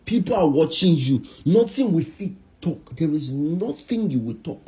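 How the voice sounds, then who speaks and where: A young Nigerian man scolds and rants with a husky, dark-toned voice. His speech is fairly high for a man and full of angry repetition. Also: big pitch swings, moderate pace. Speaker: actor. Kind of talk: Nollywood drama acting.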